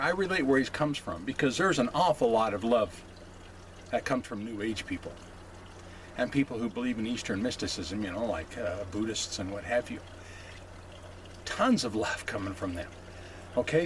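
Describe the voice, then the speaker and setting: Male host, mid-pitched voice, casual halting monologue, lots of fillers, faint hiss behind him. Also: lively intonation, fairly bright tone. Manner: halting, many fillers, keeps checking in with "okay?".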